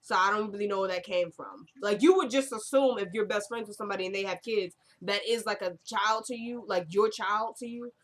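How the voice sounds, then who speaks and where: A woman's voice: mid-range voice, a little fast, hardly any pauses, fairly bright tone. A young woman recapping a TV episode in casual chat, rambling and talking straight to her viewers at home.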